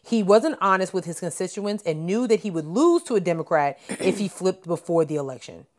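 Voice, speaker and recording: Woman, lower pitch, podcast co-host, casual news chat, blunt asides. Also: lively intonation, a little fast.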